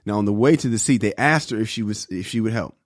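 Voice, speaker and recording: A man co-hosting a podcast, telling stories in a casual, animated way and acting out the voices of the people in them. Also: fairly low pitch, quick pace, no room sound, clean studio sound. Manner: animated storyteller, acts out voices. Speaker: podcast co-host and comedian. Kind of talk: casual storytelling chat.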